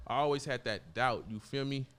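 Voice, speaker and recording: Smooth-voiced Bay rapper, slangy and laughing. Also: male voice, medium pitch, normal speed, fairly bright tone. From Oakland, California. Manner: slangy, laughs often, restarts sentences. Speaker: guest rapper. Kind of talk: casual interview chat. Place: podcast studio.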